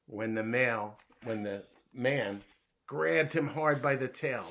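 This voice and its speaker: Slow, bright-voiced man reading riddles. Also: medium pitch. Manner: playful, asks riddles then answers them himself; drops to a hushed voice when playing the puzzled guesser. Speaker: children's book reader. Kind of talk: reading a riddle book aloud to children.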